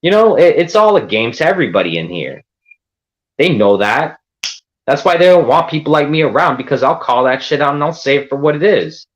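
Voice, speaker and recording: A man's voice: a little high, very animated, a little fast, highs cut off. A man ranting defiantly on a livestream, profane and rambling. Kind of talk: livestream rant.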